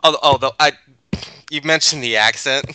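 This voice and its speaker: A man's voice: mid-range voice, normal speed, pushed and bright, clear, resonant tone, no echo. A man co-hosting a casual wrestling podcast, laughing often. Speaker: podcast co-host.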